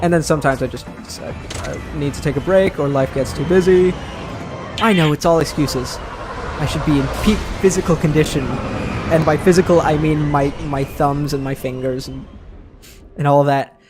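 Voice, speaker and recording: A man's voice: on the high side, steady tone, normal speed. A man casually commenting as he plays a video game, chatty and self-deprecating, with game music behind him. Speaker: let's play host. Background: game music and sound.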